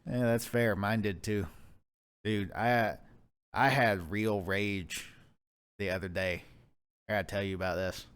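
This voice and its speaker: Podcast co-host, a man with a low, smooth voice, swears freely while telling a rambling story. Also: steady tone, a little slow, pauses often, a bit bright. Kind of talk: casual chat.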